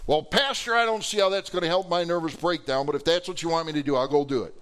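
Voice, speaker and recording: A man voicing a distraught woman churchgoer in a sermon story, pleading and shrill. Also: fast, fairly bright tone, clear, resonant tone, close to an everyday voice. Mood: reluctant.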